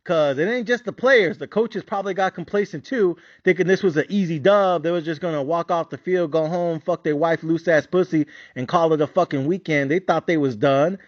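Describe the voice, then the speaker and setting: A man ranting in a profane, heated and animated way as a sports betting vlogger, on a dull lo-fi recording. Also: fairly high pitch, brisk, hardly any pauses, no room sound. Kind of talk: ranting monologue.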